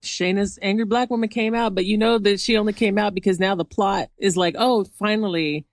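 A woman's voice: medium pitch, fairly even intonation, a little fast, dry recording. A woman co-hosting a casual recap chat, talking animatedly and acting out characters' lines in quotes. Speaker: podcast co-host.

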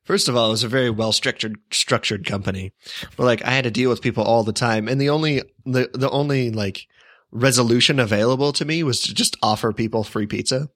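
A man's voice: medium pitch, brisk, fairly bright tone, no echo. Dry, wry young man telling a story. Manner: wry, rambling, amused by his own story. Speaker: podcast co-host. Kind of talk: casual storytelling chat.

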